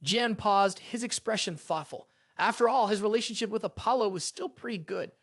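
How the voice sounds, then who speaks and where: A man narrating a story recap in a dramatic, expressive way. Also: sits high, moderate pace.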